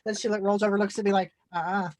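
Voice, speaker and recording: A woman's voice: medium pitch, monotone, racing, a little mellow. A woman on a chat panel telling chatty stories with little laughs in between. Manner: storytelling, laughing between lines. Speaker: panel co-host. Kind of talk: casual chat.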